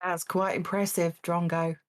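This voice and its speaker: A woman hosting a live charity game stream, reading donations and calling on players in a calm, polite way. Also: lowish voice, a little slow.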